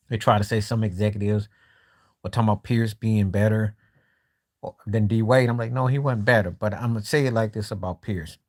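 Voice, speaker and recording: A man hosting a live stream from his phone, talking basketball opinions in a blunt, skeptical way, with lots of rhetorical questions and frequent throat clearing. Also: on the low side. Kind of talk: casual basketball opinion talk. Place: walking while streaming.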